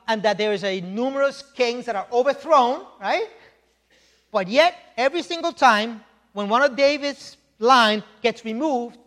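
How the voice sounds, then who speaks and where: A male pastor with a fairly high voice delivers a sermon in a church sanctuary, and a long hall reverb trails his words. He teaches conversationally, breaking off for asides and checking in with the congregation. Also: fairly bright tone.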